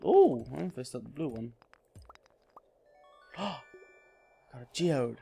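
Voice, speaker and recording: A man's voice: medium pitch, sing-song, extremely slow, gravelly, dark tone, husky. Man, casual gameplay commentary, chatty, thinking aloud, medium voice. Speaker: gaming channel host. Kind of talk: casual let's play commentary.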